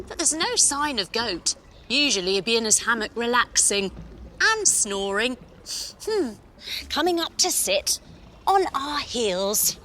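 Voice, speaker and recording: A woman leads a kids' yoga adventure in a high, wildly lively voice, full of gasps and sound effects. She takes her time and spells out each move slowly. Soft music plays behind her. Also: slight background noise. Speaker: children's yoga host. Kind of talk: storytelling yoga lesson for kids.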